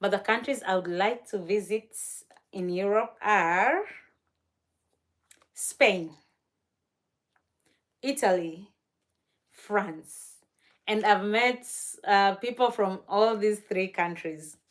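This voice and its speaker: A woman's voice: medium pitch, takes it slowly, pauses often. A young woman from Kenya hosts a live stream and chats in a loose, gushing way. She laughs often, and her voice sits in an ordinary middle register. She answers viewers' comments as she goes. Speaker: livestream host. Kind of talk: casual live-stream chat.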